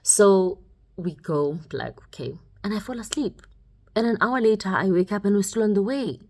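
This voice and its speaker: A young woman telling a personal story in a casual, animated way, acting out the dialogue. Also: mid-range voice, moderate pace. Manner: animated, acts out the dialogue, many "like"s.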